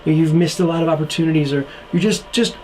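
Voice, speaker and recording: A young man with a high voice gives an online youth sermon, earnest and casual, dropping slang and acting out the people in the story. Faint noise sits under the recording. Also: fairly even intonation, fast talker, darkish tone, rough recording. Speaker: youth pastor.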